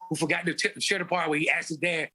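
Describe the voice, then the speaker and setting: A man's voice: a little high, flat delivery, quick pace, pushed and bright, slightly rough. A man hosting a casual political talk show, hyped up, profane and teasing his co-hosts. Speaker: show host.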